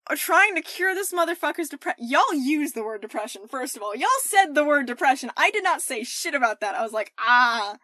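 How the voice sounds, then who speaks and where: A woman with a high, bright, ringing voice tells stories in casual podcast chat. She is animated, laughs a lot and swears freely. Her voice sounds close and dry, with no room around it. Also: fairly quick, few pauses, no echo. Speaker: podcast co-host and game master.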